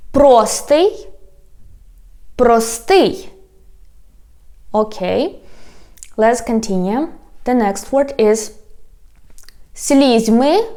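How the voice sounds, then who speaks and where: A woman's voice: mid-range voice, warm tone. A woman with a Ukrainian accent, a native Ukrainian speaker teaching an online language lesson, patiently repeating words and talking directly to her viewers. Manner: patient, addresses viewers as "guys", repeats words slowly for practice.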